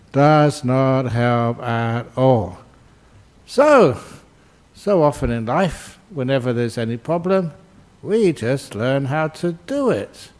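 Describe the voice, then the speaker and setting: An older man, a Buddhist monk, giving a Dhamma talk with gentle humour and emphatic repetition. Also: medium pitch. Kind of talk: sermon.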